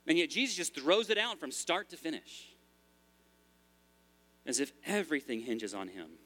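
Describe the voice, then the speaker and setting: A man's voice: mid-range voice, pushed and bright. A man preaching a sermon in a church as pastor, in a conversational style with frequent restarts.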